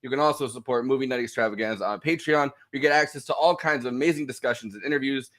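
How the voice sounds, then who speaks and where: A man's voice: medium pitch, fast talker, a bit bright. Casual American man hosting a podcast. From United States. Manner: loose and jokey, laughs often. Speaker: podcast host.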